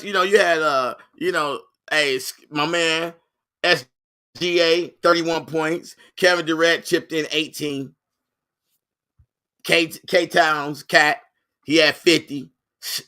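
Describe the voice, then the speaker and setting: A man's voice: a little high, bright, forceful tone, clean tone. A man hosting his own sports vlog, talking casually and energetically in slang and often repeating himself.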